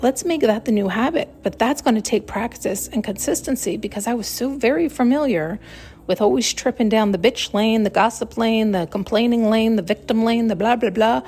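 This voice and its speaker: A woman's voice: fairly high pitch, a little mellow. A woman hosting a podcast, talking in a rambling, blunt, casual self-help monologue and swearing freely. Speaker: podcast host.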